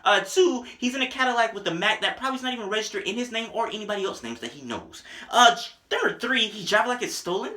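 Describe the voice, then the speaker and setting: High, bright-voiced young man joking around. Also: quick pace, few pauses. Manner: animated, profane, joking, raps lyrics along. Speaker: music reviewer. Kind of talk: casual album review. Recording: echoey room.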